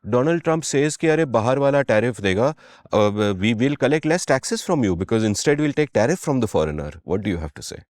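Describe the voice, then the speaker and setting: A man's voice: mid-range voice, sing-song, very fast, darkish tone, no room sound, clean studio sound. A man with an Indian English accent co-hosting a podcast, explaining economics in an emphatic, punchy, conversational way. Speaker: podcast co-host. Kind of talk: casual economics discussion.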